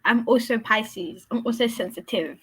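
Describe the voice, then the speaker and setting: Co-host, woman with a brighter, higher voice, giggly, stumbles a little. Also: normal speed, husky, low-quality recording. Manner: warm, giggly, stumbles over words. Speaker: podcast co-host. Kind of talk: casual chat.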